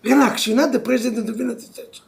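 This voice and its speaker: Man, rabbi, couples class, very high voice, gravelly, animated, joking, non-native English with Hebrew terms. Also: quick pace. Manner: animated and joking, swings between loud bursts and quiet intensity. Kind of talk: lively religious class for couples.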